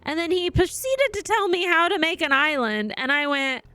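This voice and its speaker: A woman's voice: extremely high pitch, moderate pace, pushed and bright. A woman live-streaming, telling a rambling story in casual chat and swearing freely.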